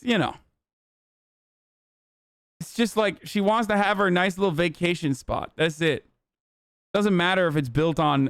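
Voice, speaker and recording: A young man of Turkish origin, hosting a live stream with profane, animated ranting commentary. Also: on the high side, smooth, no echo, studio quality. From Turkey.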